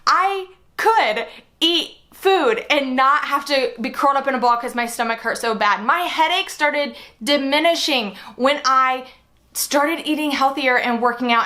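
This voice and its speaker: A woman's voice: high-pitched, pushed and bright. A young woman sharing fitness advice straight to the viewer, earnest and encouraging. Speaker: fitness coach. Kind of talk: direct-to-camera advice talk.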